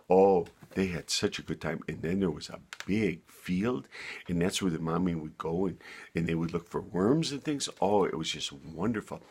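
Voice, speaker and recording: A man tells a bedtime story in a low, gravelly voice with a husky edge. His delivery is animated and sing-song, rising and falling widely as he narrates.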